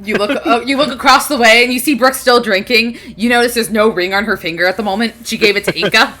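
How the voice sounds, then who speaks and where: Bright-voiced woman running a tabletop game. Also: on the high side, fast talker. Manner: giggly, rambling narration with many fillers. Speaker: game master.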